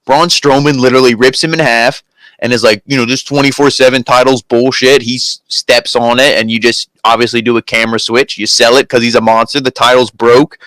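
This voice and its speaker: A man's voice: medium pitch, steady tone, fairly quick, fairly bright tone, no echo. Opinionated man with a dry close sound. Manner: opinionated, acts out wrestlers' lines in quotes. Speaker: wrestling review co-host. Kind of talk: casual chat.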